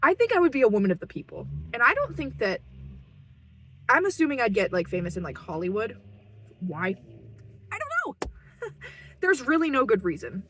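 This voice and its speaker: A woman's voice: on the high side, sing-song, normal speed, long pauses, a bit bright, a little hiss or hum, low-quality recording. A young woman chatting to camera from her parked car, rambling and self-deprecating with giggles. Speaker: vlogger. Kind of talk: casual rambling monologue.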